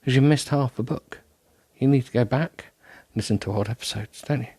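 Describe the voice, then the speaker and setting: A husky, dark-toned man with a medium-pitched voice talks a little fast on a dry recording. His solo podcast is a casual, rambling monologue, self-deprecating and full of ums and restarts, and he sounds tired, yawning as he goes.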